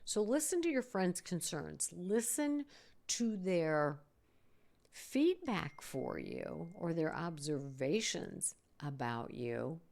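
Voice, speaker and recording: Lively lower-voiced woman podcast host. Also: takes it slowly, gravelly. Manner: animated, acts out inner voices. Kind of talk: casual podcast monologue.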